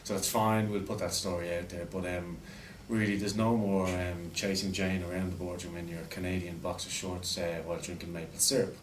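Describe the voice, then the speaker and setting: A man giving a deadpan, mock-formal leaving speech to a colleague, hesitating with fillers. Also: low voice, fairly quick, few pauses. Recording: roomy echo, mic far off, faint noise.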